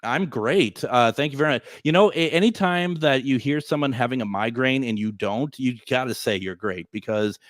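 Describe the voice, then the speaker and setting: A man hosts a call-in radio show from a dry, close studio mic. He talks at a mid pitch, relaxed and easy, and fills his pauses with "uh" and "um" while he brings on callers. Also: no echo. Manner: relaxed, with filler words.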